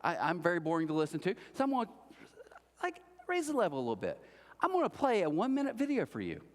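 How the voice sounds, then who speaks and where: Animated joking pastor preaching in a hall. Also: male voice, high voice, quick pace. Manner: joking, self-mocking, animated storytelling. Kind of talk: sermon. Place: large church auditorium.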